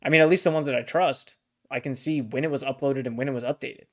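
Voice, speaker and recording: A man's voice: medium pitch, steady tone, fast talker. A man co-hosting a casual book discussion podcast, blunt and exasperated, swearing freely as he pushes back. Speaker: podcast co-host.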